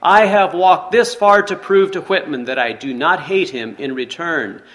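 A man's voice: fairly high pitch, normal speed, a bit bright, lightly acted. A man doing an earnest old gray-haired man. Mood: earnest pleading. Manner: earnest, pleading.

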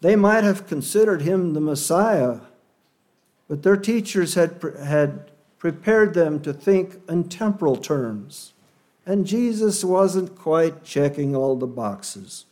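A male preacher delivers a sermon at an unhurried, deliberate pace. His voice sits a little high for a man, and he speaks earnestly. He leans on key words to stress them. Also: animated, a little mellow.

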